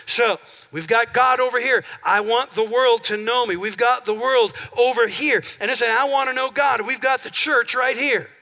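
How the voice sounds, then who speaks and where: In a church sanctuary, a male pastor from central Minnesota preaches a sermon with a very high, pushed, bright voice. He speaks conversationally and calls on the congregation for amens.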